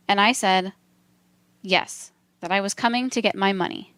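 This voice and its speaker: A woman reading a transcript aloud for a documentary in a measured, steady delivery. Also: medium pitch, clear, resonant tone, no room sound. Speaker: documentary reader.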